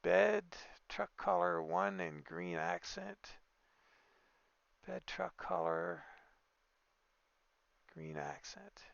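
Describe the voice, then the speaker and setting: A man's voice: sits high, wildly swooping pitch, very slow, gravelly, pauses often, dry recording, muffled recording. A man giving easygoing, casual commentary on a truck-building game, thinking aloud with fillers and small exclamations. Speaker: gaming video creator.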